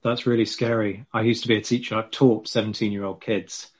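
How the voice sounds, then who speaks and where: A man's voice: on the low side, level tone, brisk. A man explaining history in a casual podcast chat, chatty and self-mocking.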